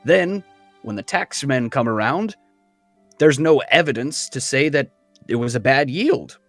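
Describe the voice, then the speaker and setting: A man running a tabletop game as dungeon master, narrating in a relaxed, conversational way. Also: mid-range voice, a little slow, dry recording, faint music behind.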